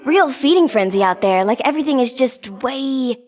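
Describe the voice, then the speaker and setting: A taunting, gleeful goddess of chaos for a video game. She speaks in a high, sarcastic drawl that leaps all over the place, mocking and flippant as she calls everyone babe. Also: lively intonation, moderate pace, faint music behind. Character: Eris, wild goddess of strife, taunting and gleeful. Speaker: game character.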